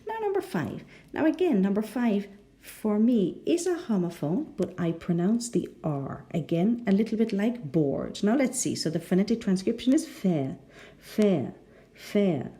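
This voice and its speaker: A woman's voice: mid-range voice, sing-song, normal speed, warm tone. A woman with a rhotic English accent teaching a pronunciation lesson, patient and often checking in with the learners.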